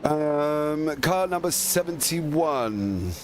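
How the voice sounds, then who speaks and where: A man's voice: fairly high pitch, expressive, drawn-out words, a little hiss or hum. A man giving rambling, chatty live commentary on a charity sim race. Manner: rambling, chatty, many fillers.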